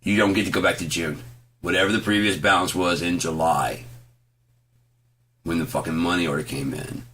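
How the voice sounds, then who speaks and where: A man telling an angry, profane story about an argument over a bill, quoting both sides and swearing constantly, at times shouting. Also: sits low, fairly even intonation, normal speed, a little hiss or hum. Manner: heavy swearing, retelling an argument with quoted back-and-forth, rising to shouts. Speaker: vlogger ranting to camera.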